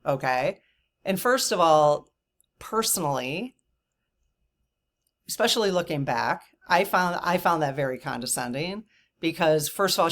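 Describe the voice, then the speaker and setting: A woman in her fifties telling a story to camera in a casual, animated and indignant way, with lots of fillers and asides. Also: deep voice. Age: 50s. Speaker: vlogger.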